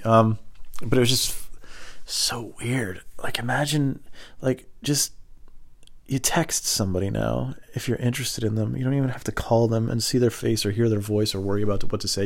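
A man with a low, gravelly voice tells rambling comic stories from his past. His delivery is deadpan and loose, with a rough edge running through his speech. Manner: deadpan, rambling, acts out high squeaky voices for others. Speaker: comedian. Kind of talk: rambling storytelling monologue.

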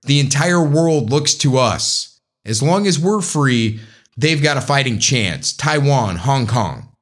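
A man's voice: medium pitch, expressive, takes it slowly. Man in a rambling talk monologue. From United States. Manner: rambling, talks straight to the listener, self-correcting. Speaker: podcast host. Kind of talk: casual political commentary monologue.

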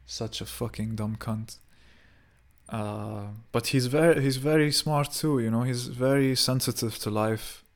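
A man's voice: mid-range voice, unhurried. A young man venting in a rambling, profane casual monologue, full of fillers.

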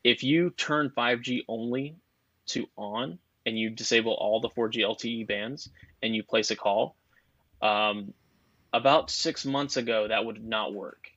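A man's voice: on the low side, steady tone, unhurried, a bit bright, no room sound. Man, podcast guest, rambling explainer, dull lo-fi sound, dry. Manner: rambling, explanatory, with many fillers and restarts. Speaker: guest expert on cell networks. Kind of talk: casual podcast chat.

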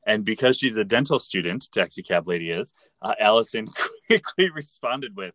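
A man's voice: lowish voice, expressive, normal speed, fairly bright tone, no echo. Wry man hosting a podcast, dry sound. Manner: wry, playful, mock-serious. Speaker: podcast host. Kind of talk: casual chat recapping a TV episode.

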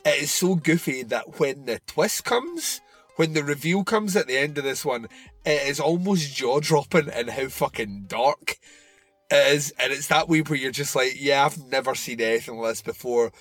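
A man's voice: fairly high pitch, lively intonation, normal speed, a bit bright, faint music behind. A man co-hosting a podcast, chatting loosely about a horror film with lots of fillers and swearing. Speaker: podcast co-host. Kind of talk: casual movie review chat.

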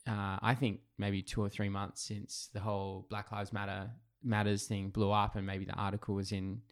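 A man raised in England hosting a casual interview podcast, asking relaxed, thoughtful questions. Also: fairly low pitch, normal speed, clear, resonant tone. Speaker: podcast host.

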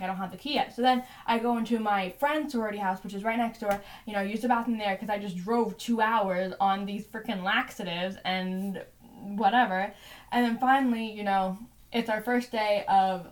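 A young woman in her twenties, a podcast co-host, telling a story in a chatty way, full of "like" and "you know". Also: medium pitch. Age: 20s. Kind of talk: casual storytelling.

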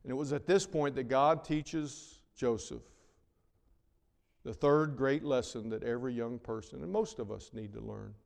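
A man preaching a sermon, swinging between loud emphatic lines and hushed, drawn-out words. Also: medium pitch, gravelly. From North Carolina. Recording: long reverb of a large hall.

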